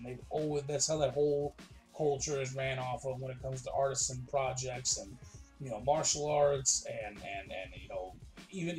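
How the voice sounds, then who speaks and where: A man's voice: mid-range voice, darkish tone. A young man hosting a podcast, casually recapping an episode in a rambling, enthusiastic way full of fillers and restarts. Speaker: podcast host.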